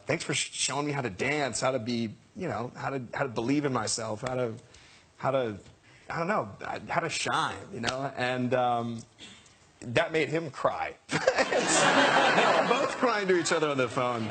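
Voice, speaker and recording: Bright-voiced man telling an excited anecdote. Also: mid-range voice, moderate pace, breathy edge. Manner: animated, laughing, acts out quotes. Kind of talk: interview storytelling.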